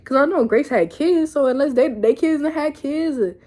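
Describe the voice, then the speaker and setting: A young woman giving a casual, animated recap of a TV episode, laughing and cursing as she tells it. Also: sits high, moderate pace. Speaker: show reviewer. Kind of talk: casual chat video review.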